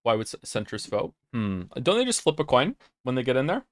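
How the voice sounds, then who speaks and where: His medium-pitched voice swings widely in pitch as he speaks briskly. A young man streaming casual chat with viewers, he rambles, reads their messages aloud, and sometimes gets flustered, captured in a dry recording.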